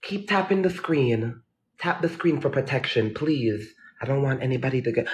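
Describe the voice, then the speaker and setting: A man with a medium-pitched, lively voice talks at a normal speed, hosting a casual late-night livestream from a dim room at home. He's dramatic and jittery, gushing at viewers through a phone propped against a mirror. The lo-fi phone audio sounds echoey and dull.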